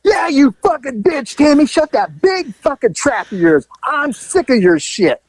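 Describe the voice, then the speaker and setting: A man putting on the voice of a scared loudmouth who begs for protection, high and whiny. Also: very animated, fairly quick, gravelly, full character voice. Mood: taunting.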